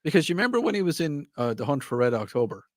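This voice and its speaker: A man's voice: fairly high pitch, big pitch swings, very fast, no room sound, studio quality. A man hosting a radio talk show, chatting casually and rambling, often correcting himself mid-sentence. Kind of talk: casual chat.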